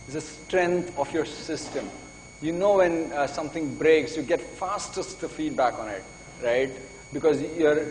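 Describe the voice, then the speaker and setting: A man's voice: a little high, darkish tone. A man giving a live conference talk, eager and urging the audience, calling for applause. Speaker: conference speaker. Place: conference hall. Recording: reverberant conference hall, faint noise.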